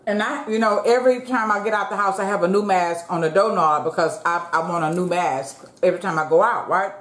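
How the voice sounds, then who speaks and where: A woman hosting a casual eating show from her home, chatting to viewers in a relaxed way and calling them "y'all". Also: on the low side, fairly quick. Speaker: mukbang vlogger. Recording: roomy echo.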